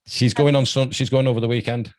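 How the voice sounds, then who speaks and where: A man's voice: medium pitch, steady tone, quick pace, a little mellow. A man in his sixties with a British accent, a radio host telling chatty anecdotes in a casual interview. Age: 60s. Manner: chatty anecdotal storyteller, laughs often.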